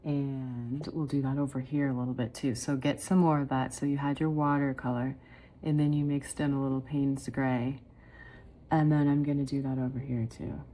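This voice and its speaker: Her low-pitched voice is flat and dark, moving at a moderate pace. The middle-aged watercolor teacher chats encouragingly, addressing viewers as "guys" while she paints step by step.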